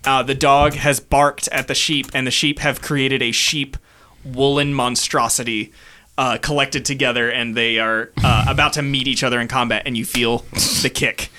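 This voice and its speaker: A man's voice: medium pitch, flat delivery, normal speed, sharp tone. A man narrating a tabletop game as game master, rambling, with many fillers.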